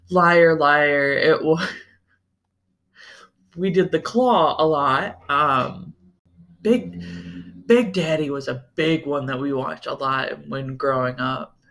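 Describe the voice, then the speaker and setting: A man's voice: on the high side, a bit bright. Young man rambling casually, swearing freely. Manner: rambling and loose, swears freely, many fillers like "like". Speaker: podcast host. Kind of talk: casual solo podcast chat.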